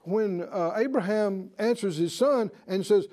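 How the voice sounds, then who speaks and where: A man preaching a sermon, emphatic and animated, stretching out key phrases and rising to exclamations. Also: high-pitched, normal speed, hardly any pauses.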